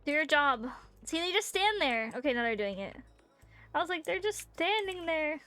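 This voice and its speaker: A woman streamer giving casual, animated commentary while she plays, laughing and fixing her own slips as she goes. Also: sits high, normal speed, faint music behind.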